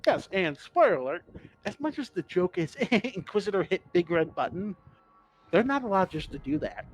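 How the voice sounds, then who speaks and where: A man's voice: sits high, poor audio. A man hosting a casual lore podcast, enthusiastic and profane, quizzing his co-hosts. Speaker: podcast host.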